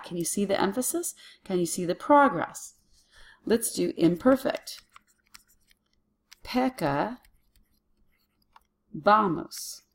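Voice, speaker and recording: A woman's voice: lowish voice, breathy edge. A woman teaching a Latin lesson to children on video, working patiently through a worksheet and talking herself through each step.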